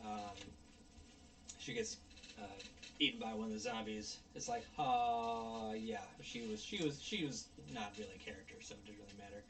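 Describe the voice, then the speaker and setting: Rambling gravelly man recapping a movie. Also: sits high, sing-song, brisk, slight background noise. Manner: rambling, frequent fillers, mock-shouting at characters. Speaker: movie reviewer.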